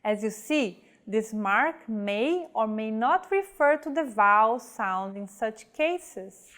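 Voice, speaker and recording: A woman's voice: fairly high pitch, expressive, slow, fairly bright tone. A woman teaching a scripted language lesson, carefully reading out example words one by one.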